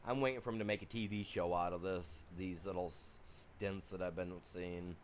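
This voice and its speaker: A man's voice: deep voice, steady tone, moderate pace, slight background noise. A man streaming a game, chatting casually in a rambling, chuckling way as he tells stories. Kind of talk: casual chat during a livestream.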